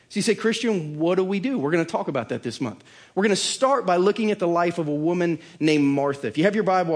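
A male pastor preaching a sermon in a church, earnest, often dropping to a softer voice to drive points home. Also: on the high side. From United States.

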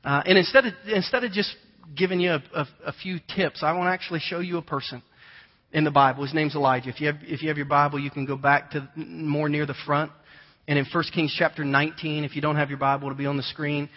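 A man, preaching a conversational sermon and telling stories with animated voices. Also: fairly high pitch, fast. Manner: conversational storytelling, animated imitations of children. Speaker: pastor. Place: large church hall. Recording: long hall reverb, dull lo-fi sound.

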